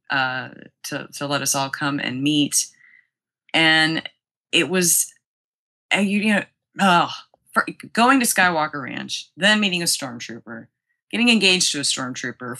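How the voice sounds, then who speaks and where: Middle-aged woman guest, low and bright, animated casual storytelling. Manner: chatty, animated, quotes people in raised voices. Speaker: podcast guest.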